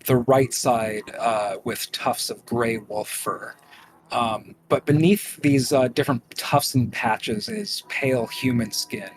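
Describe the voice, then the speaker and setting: Slow, hesitant man narrating a game. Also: medium pitch, noisy background. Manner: slow, hesitant, lots of ums and uhs. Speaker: game master.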